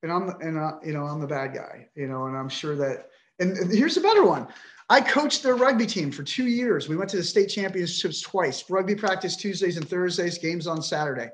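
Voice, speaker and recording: A man's voice: high voice, expressive, fairly quick, fairly bright tone, echoey room, a little hiss or hum. A middle-aged man telling his own story on a podcast, emotional, frustrated and indignant, with frequent swearing. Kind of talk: emotional personal account.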